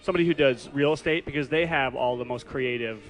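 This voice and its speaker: A man's voice: medium pitch, quick pace, lo-fi sound. Man rambling in a noisy pub. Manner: rambling, full of fillers and restarts. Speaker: podcast host. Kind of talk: casual chat. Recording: pub with clear background music.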